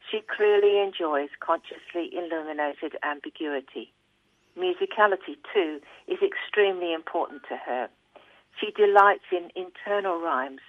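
A book reviewer reading a scripted review aloud in a measured, deliberate way. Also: medium pitch, dry recording. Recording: tinny phone-like line, dry.

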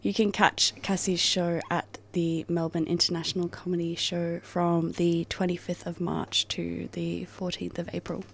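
A woman co-hosting a radio show, back-announcing and chatting in a relaxed, reactive way. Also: fairly low pitch, normal speed, vocal fry, hardly any pauses, slight background noise. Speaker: radio co-host. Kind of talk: casual radio chat.

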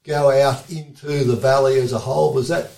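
A man conducts an interview in a room that echoes. He speaks at an average pitch and puts long questions to his guest, stopping to explain background for the audience. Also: fairly even intonation, moderate pace, creaky, warm tone. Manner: prompting, explains context for listeners. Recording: roomy echo.

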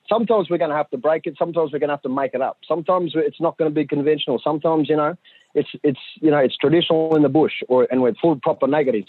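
A middle-aged man, telling a story in a lively way and acting out the voices of the people in it. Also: on the high side, breathy edge, no echo. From Central Australia. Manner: animated, acts out voices of his sons and others. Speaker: community storyteller. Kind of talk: conversational storytelling. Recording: dry tinny phone-like audio.

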